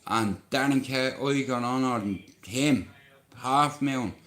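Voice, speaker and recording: A man's voice: mid-range voice, a bit bright. A man with a Dublin accent telling rambling, swear-laden stories during a casual live stream. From Dublin, Ireland. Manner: drawn-out, rambling anecdotes with swearing and "bro". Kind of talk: casual livestream storytelling.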